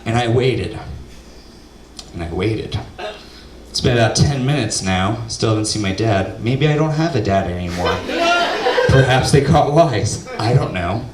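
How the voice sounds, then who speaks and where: A man's voice: mid-range voice, moderate pace, noisy background. Young man telling a stand-up story. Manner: deadpan storyteller who shouts the punchlines. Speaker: stand-up comedian. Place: comedy club stage. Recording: roomy club audio from a distance. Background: audience laughter.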